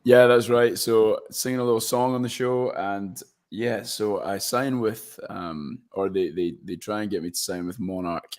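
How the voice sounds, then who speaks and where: A man's voice: fairly low pitch, normal speed, few pauses, darkish tone. A young man from Scotland, an actor chatting casually as an interview guest and rambling with fillers and restarts.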